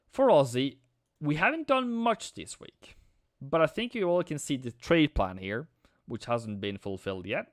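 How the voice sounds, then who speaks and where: A man hosting a live trading stream, excitable and slangy, calling viewers mate and bro. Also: medium pitch, clear, resonant tone, no room sound, studio quality.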